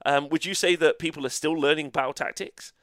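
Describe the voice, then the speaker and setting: A man's voice: a little high, fairly even intonation, a little fast, fairly bright tone, no echo. Brief: man co-hosting a gaming podcast, chatty, filler-heavy, dry close sound. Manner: chatty, filler-heavy, reads chat comments aloud. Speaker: podcast co-host. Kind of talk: casual chat.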